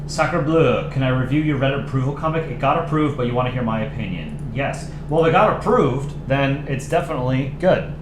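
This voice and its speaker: A man's voice: medium pitch, a little fast, few pauses. A man streaming live, chatting casually as he reviews fan art, rambling with frequent ums. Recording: echoey room with background noise.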